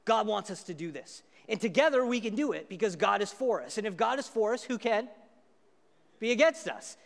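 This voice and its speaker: A man's voice: sits high, animated, a little fast, creaky, long reverb tail. A man voicing a wise, commanding woman leader who rallies her people. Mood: rallying. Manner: commanding, rallying.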